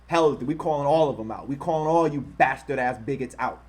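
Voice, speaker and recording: A man's voice: medium pitch, a little fast, a little mellow, slightly rough. A man hosting his channel who reads out quotes in heated commentary, angrily insulting his target and repeating himself for emphasis. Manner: says he is trying to control his harsh speech. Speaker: channel host.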